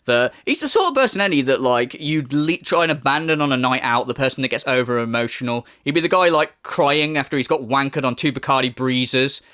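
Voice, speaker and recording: A man's voice: medium pitch, expressive, a little fast, hardly any pauses, pushed and bright, smooth. A man giving profane, sarcastic commentary, mocking another streamer as he rants. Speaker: commentary YouTuber. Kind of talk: ranting commentary.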